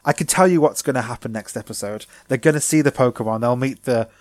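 A man's voice: mid-range voice, quick pace, a little mellow, no room sound. A man co-hosting a casual podcast, chatty and playful, often slipping into silly put-on voices. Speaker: podcast co-host. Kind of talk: casual chat.

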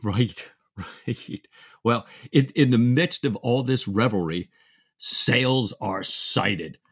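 A man co-hosts a book podcast, retelling scenes with amused, chatty asides. His voice is husky. The recording is dry and close. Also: medium pitch, takes it slowly, a bit bright, no room sound. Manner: chatty, amused, says "you know" often. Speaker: podcast co-host.

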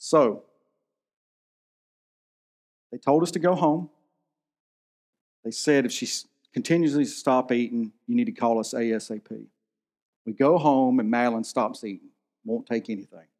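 A man's voice: medium pitch, measured pace, pauses often, a little mellow. A man in his thirties preaching a sermon in a church, telling a personal story in an earnest, emotional way. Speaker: pastor.

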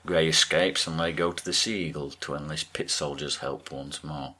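Man, deep voice, crisp bright tone, deadpan episode recap, podcast host. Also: moderate pace. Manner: wry, deadpan asides.

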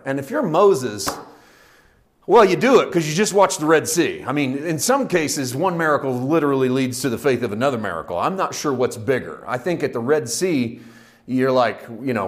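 A man teaching a Bible study in a lively, conversational way, often laughing and acting out the people in the story. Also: medium pitch, normal speed. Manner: lively, laughs often, acts out quoted lines.

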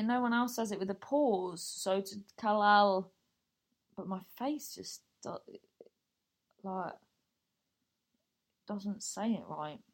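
A young adult woman comedian telling stories in a casual, rambling way, full of asides and swearing. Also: medium pitch. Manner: rambling, chatty, swears freely, lots of fillers and asides. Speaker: stand-up comedian. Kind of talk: casual storytelling chat.

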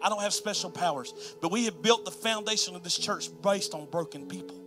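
Over music, a male pastor with a high-sitting voice preaches at a fairly quick pace. His sermon swings from soft, hushed moments to loud, emphatic lines with repeated rhythmic phrasing.

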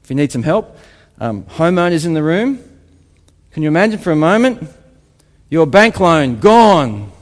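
A man preaching a sermon to a congregation, emphatic, with rhetorical questions and quieter reflective passages. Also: a little high, lively intonation, fairly quick, long pauses, in a large hall. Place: church hall with congregation.

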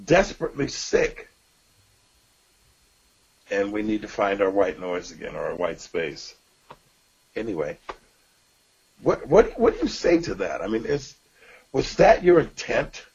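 A man's voice: on the low side, very animated, unhurried, long pauses, a little mellow, muffled recording. A man co-hosting a faith-based talk show, speaking in an earnest, preaching way. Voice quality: raspy. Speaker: co-host.

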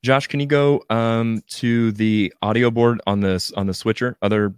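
A man's voice: mid-range voice, fairly even intonation, moderate pace, clear, resonant tone, no echo, studio quality. A man hosting a casual podcast in an easygoing way, laughing often and reading out listener comments. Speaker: podcast host.

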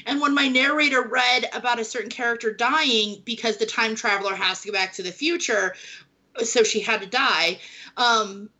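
Woman host chatting about writing, kinda high bright voice, acts out quotes. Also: normal speed, poor audio. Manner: animated storyteller acting out quotes. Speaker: podcast host, romance author. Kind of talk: casual panel chat.

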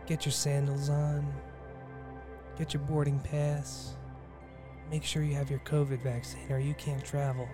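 A man leading a joking guided meditation in a soft, hushed, soothing voice. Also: fairly high pitch, flat delivery, measured pace, over music. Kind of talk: mock guided meditation, comedic.

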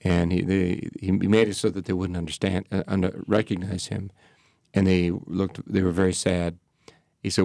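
Deep gravelly priest, slow and measured. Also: male voice, little pitch movement, mellow, no room sound, clean studio sound. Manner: slow, measured phrasing with pauses. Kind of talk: reflective spiritual talk.

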